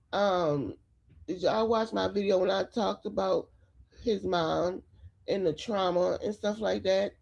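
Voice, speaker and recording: Slow-talking woman with gravelly, chatty gossip. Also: medium pitch, a little mellow. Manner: chatty, opinionated, addresses viewers directly. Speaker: commentary vlogger. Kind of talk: casual celebrity gossip commentary.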